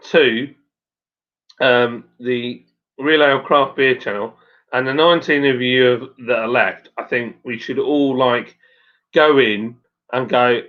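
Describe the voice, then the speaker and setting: A man's voice: medium pitch, lo-fi sound. A man hosting a casual live stream, chatting and reading out viewers' messages, sometimes tripping over names.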